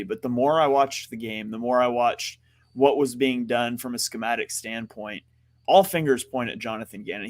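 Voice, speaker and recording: A man co-hosting a sports podcast, telling a story with self-deprecating humor and then bluntly breaking down a defensive game plan. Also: medium pitch. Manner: blunt, emphatic, quick football analysis. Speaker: podcast co-host. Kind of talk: casual sports talk.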